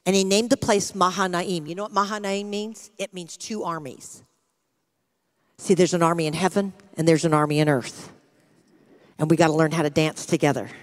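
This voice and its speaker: A middle-aged American woman pastor preaching, telling a personal story with lively acted-out quotes. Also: lowish voice, moderate pace. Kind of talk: sermon with storytelling. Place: church sanctuary. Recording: long hall reverb from a church.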